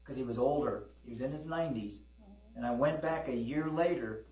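Midwestern preacher in an echoey hall. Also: male voice, mid-range voice, a little fast, a little mellow, recorded from a distance. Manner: conversational storytelling, with calls to the congregation. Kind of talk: sermon. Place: church hall with congregation.

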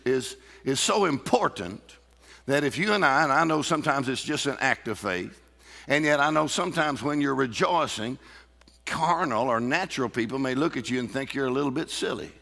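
A man's voice: mid-range voice, gravelly, bright, forceful tone. A man preaching a sermon in a church, emphatic and laughing often as he calls out to the congregation. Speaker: pastor. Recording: reverberant hall.

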